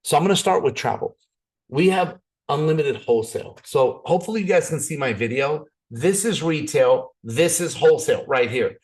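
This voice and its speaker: A man giving an energetic, persuasive sales presentation, often repeating words as he pushes ahead. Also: a little high, moderate pace.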